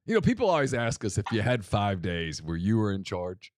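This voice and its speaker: A man co-hosting a casual sports podcast, telling stories with animated quoted voices. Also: fairly low pitch, fairly quick, no echo, clean studio sound. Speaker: podcast co-host.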